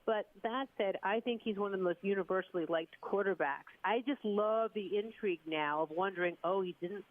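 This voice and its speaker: Woman, 50s, sports broadcaster, chatty and animated, dull remote line. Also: medium pitch, fairly quick. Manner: chatty, animated storyteller who slips into voices. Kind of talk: casual radio chat.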